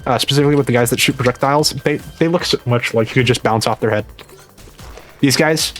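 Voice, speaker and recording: Young male gaming commentator, hushed and rambling, speech slightly muffled by a retainer, mid-pitched voice, faint music underneath. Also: fast. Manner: quiet, rambling, self-mocking. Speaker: gaming YouTuber. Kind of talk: live gameplay commentary.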